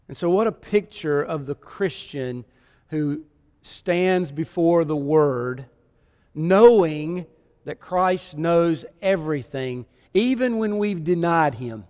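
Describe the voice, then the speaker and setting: A man's voice: a little high, unhurried, a little mellow, long reverb tail. A man preaching a sermon, telling the story with many rhetorical questions.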